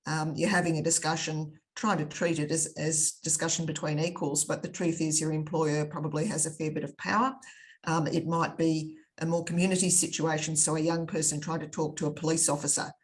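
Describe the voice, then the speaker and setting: An Australian woman speaking as a panelist in a webinar, thoughtful and measured, with frequent fillers. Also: low-pitched, flat delivery. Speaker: panelist on conflict resolution. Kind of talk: webinar discussion.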